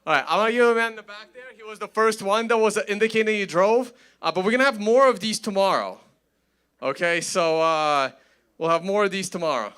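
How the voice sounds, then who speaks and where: Bright high-voiced man hosting a conference. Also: a little fast, smooth. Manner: loose, chatty, with many fillers. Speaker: conference host. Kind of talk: stage announcements at a live event. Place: conference stage.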